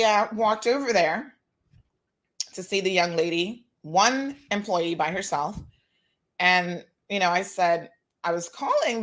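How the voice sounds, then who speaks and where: A woman hosting a talk show, telling a lively story and acting out the people in it. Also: on the low side. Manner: animated, acts out quoted dialogue, laughs. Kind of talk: casual monologue, storytelling.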